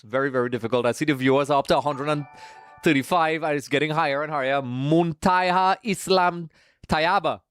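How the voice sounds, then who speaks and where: A man's voice: fairly high pitch, a bit bright, no echo, clean studio sound. A man from Trinidad, hosting a live watch-along stream in a casual, chatty way, greeting viewers by name and calling them folks.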